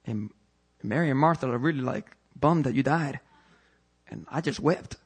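A man preaching voices Jesus as a gentle counselor who softly whispers and coaxes. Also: medium pitch, moderate pace, husky. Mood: coaxing. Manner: soft, coaxing, hushed.

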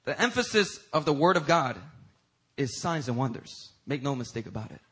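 A man preaching a sermon as pastor, emphatic, rising to high, loud peaks and talking casually to the congregation. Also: sing-song, normal speed, breathy edge, poor audio. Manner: uses y'all and casual asides to the congregation.

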